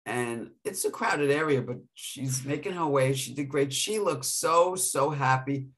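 A woman with a New York accent, co-hosting a casual podcast chat and telling stories in an animated way. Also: very deep voice, a little slow. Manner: animated storytelling with laughs. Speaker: podcast co-host.

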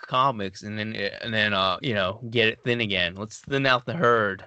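A man's voice: lowish voice, normal speed, sharp tone, smooth, no room sound, highs cut off. A man co-hosting a podcast in loose, jokey conversation, often laughing and tripping over repeated words. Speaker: podcast co-host. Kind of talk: casual comedic chat.

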